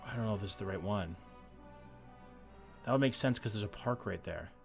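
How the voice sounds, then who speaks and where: Over soft background music, a man streams a geography game, chatting casually, reading chat aloud, and swearing freely while a bit sick. His lowish voice is brisk with vocal fry.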